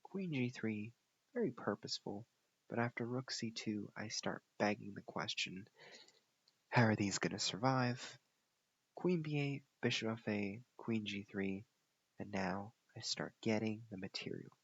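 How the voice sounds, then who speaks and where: A low-voiced man with a gravelly, husky tone goes through the moves of a chess game. He explains each step in a patient teaching way, on a dull lo-fi recording. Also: lively intonation, moderate pace. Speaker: chess coach reviewing his game.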